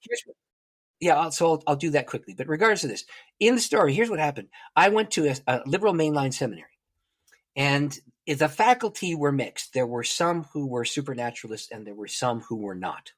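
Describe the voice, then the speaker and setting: A man's voice: on the high side, expressive, fairly quick. A man, a guest on a podcast, telling a personal story and acting out the dialogue. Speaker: guest author and prayer teacher.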